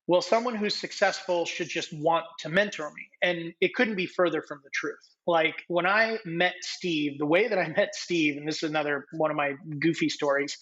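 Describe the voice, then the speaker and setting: Animated storytelling man in his thirties. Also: a little high, muffled recording. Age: 30s. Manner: animated, acts out quoted dialogue. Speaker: podcast guest. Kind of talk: casual interview storytelling.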